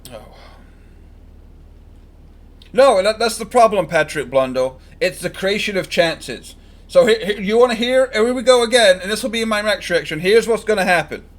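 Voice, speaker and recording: A man with a slightly high voice talks over a live football match for his stream. He chats, jokes and rattles off gloomy predictions for his own team. The delivery is loose and conversational, like a fan on the sofa. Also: animated, normal speed. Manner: chatty, joking, fan-biased predictions. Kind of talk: casual live match commentary.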